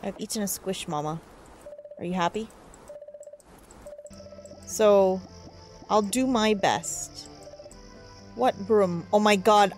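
Woman, young adult, let's-play commentary, unhurried, faint game music behind. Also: mid-range voice. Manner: excitable, squeals and shrieks in delight, swears when startled. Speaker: gamer streamer.

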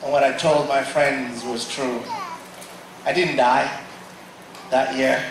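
Animated African-born preacher in an echoey hall. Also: male voice, mid-range voice, slow. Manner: animated storytelling, acting out dialogue. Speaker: guest preacher. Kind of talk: testimony sermon. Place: large church auditorium. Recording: echoey hall, mic from far off, faint noise.

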